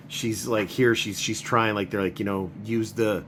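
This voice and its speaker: A man's voice: lowish voice, steady tone, moderate pace, fairly bright tone, slight background noise. A man giving a casual, rambling spoken review of a comic book, padding his talk with filler words.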